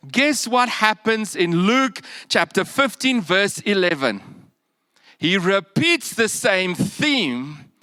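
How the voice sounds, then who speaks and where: A man preaching a sermon, animated, with humorous asides and bursts of emphasis that drop to quiet. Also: sits high, no room sound.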